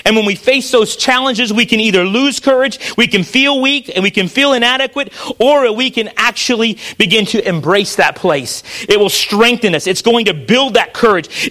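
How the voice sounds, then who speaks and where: High, bright-voiced male pastor preaching. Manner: earnest, repetitive preaching with restarts. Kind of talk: sermon.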